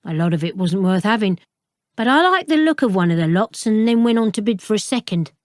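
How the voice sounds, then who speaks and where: A woman's voice: mid-range voice, expressive, a little fast, dry recording, clean studio sound, natural voice. A woman voicing a swaggering, plump middle-aged male book dealer who is falsely jovial and wheedling. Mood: persuasive.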